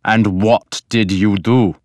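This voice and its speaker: Male narrator as stern Viking lord; low, slow, harsh menace in a storybook. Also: dry recording, clean studio sound. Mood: menacing. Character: stern angry Viking lord, grim and commanding.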